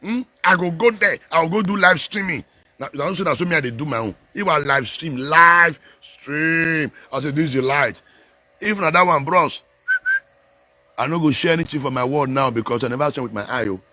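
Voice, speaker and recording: Nigerian pidgin guy chatting live, bright punchy voice, laughs a lot and preaches a bit. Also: on the high side, fast, no echo. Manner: animated, laughing, preachy, mixing Pidgin and English. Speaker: political commentator. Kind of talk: casual live chat.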